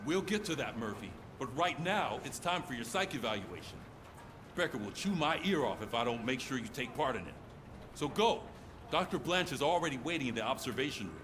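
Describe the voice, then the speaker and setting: A brusque police sergeant in a video game, handing out orders curtly, played by a man. His pitch sits in a middle range. Faint noise hums under the game audio. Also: lively intonation, a little fast, lightly acted. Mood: commanding. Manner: curt, commanding.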